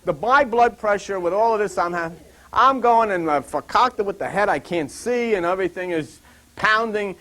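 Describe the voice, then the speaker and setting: An older man giving a rambling Bible talk and drifting into funny personal stories in an animated, digressive way. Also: high-pitched, normal speed. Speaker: Bible teacher.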